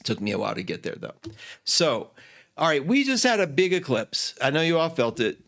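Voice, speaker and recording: A man's voice: on the high side, very animated, brisk, vocal fry, fairly bright tone. A man hosting a casual astrology live stream, effusive, greeting viewers by name and laughing often.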